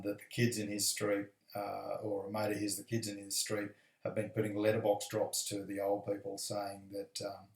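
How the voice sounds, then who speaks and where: An Australian airline pilot giving a casual, rambling, friendly video message full of fillers. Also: male voice, lowish voice, far from the mic. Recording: echoey room.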